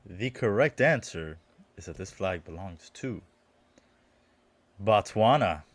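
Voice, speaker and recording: A man acting as producer and quizmaster, reading out questions in a measured, plain way. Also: fairly low pitch, expressive, dry recording. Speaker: producer running a quiz. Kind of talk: casual quiz hosting.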